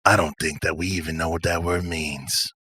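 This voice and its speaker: A man's voice: low-pitched, fairly even intonation, normal speed, pushed and bright, husky, pitched below the performer's own voice, exaggerated voice. A man voicing an easygoing male mind-reader who loves to jam and talks in a drawling, probing way.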